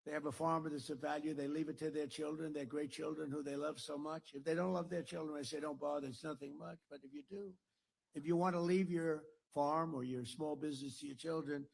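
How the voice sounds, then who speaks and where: An older American man speaks at a podium in a dinner hall. His voice is gravelly and a little husky, set somewhat high for a man. He rambles, circles back on phrases and boasts as he goes. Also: fairly even intonation, brisk, a little mellow. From United States. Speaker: political speaker. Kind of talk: after-dinner speech.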